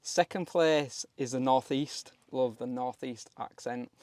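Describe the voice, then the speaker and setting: A man's voice: mid-range voice, a little slow, a little mellow, dry recording. A man chatting casually and jokily inside a campervan, laughing often. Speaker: van life vlogger. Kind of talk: casual chat.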